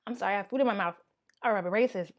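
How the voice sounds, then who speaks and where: A young American woman giving casual livestream commentary, thinking out loud with lots of fillers and restarts. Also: medium pitch, racing. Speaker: YouTube commentator.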